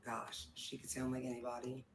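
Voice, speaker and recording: A woman chatting to her livestream viewers in a relaxed way. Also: a bass voice, normal speed, echoey room, a crowd in the background. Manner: relaxed, drawls, talks to viewers as "y'all". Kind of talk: casual chat.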